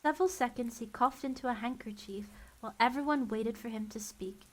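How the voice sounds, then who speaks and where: A woman's voice: on the high side, brisk. A woman reading a children's novel aloud as narrator in a wry, dry tone. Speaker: storyteller. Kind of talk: audiobook-style book reading.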